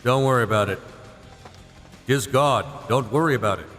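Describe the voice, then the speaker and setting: A man's voice: medium pitch, normal speed, fairly bright tone. A man streaming a video game, rambling and laughing in casual commentary. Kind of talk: casual let's-play commentary. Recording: roomy reverb with game music.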